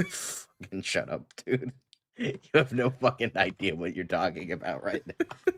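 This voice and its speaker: A low-voiced man co-hosts a casual podcast chat, swearing freely and mocking people with quick impressions. His voice is close and dry, with no room sound around it. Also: very animated, fairly bright tone, no room sound. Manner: profane, sarcastic, mocking impressions. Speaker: co-host.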